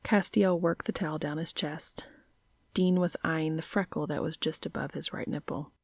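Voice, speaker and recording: Woman, reading a story aloud, half-whispered, low, gravelly. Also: fairly even intonation, normal speed, no room sound, studio quality. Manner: soft, half-whispered narration. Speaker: reader.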